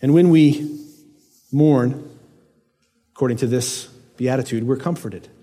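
A middle-aged man preaching a sermon, earnest, rising for emphasis and dropping to hushed low lines. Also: unhurried, long reverb tail. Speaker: pastor.

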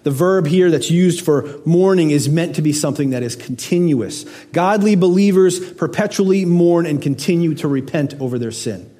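A middle-aged man preaching a sermon, earnest, rising for emphasis and dropping to hushed low lines. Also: long reverb tail. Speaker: pastor.

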